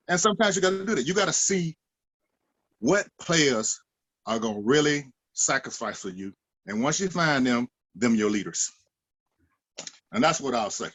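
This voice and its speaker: A former linebacker, talking emphatically in a roundtable chat and jumping higher in pitch when he acts out other people. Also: animated, fairly quick, fairly bright tone.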